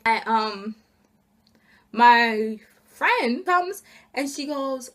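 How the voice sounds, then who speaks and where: A young woman vlogger telling an indignant, animated story about being fired, acting out each side of the conversation. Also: fairly high pitch, a little slow. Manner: indignant, animated retelling with acted quotes. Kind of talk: casual storytime rant.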